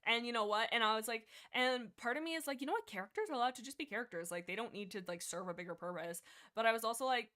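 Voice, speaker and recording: Rambling, excitable young woman streamer. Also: on the high side, fast talker. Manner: rambling, excitable, many fillers and restarts. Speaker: livestream host. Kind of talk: casual book discussion livestream.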